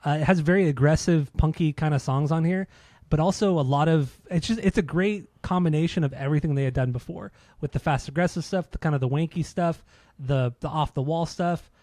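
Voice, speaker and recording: A man's voice: a little high, a little fast, darkish tone, dry recording. A man co-hosting a casual music podcast, laid-back and swearing, laughing often. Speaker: podcast co-host.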